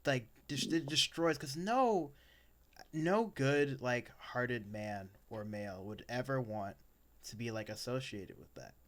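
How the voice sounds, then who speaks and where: A man's voice: medium pitch, slow, a bit bright. A young adult man co-hosting a podcast, telling personal stories in a casual chat that rambles, with lots of fillers and restarts. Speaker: podcast co-host.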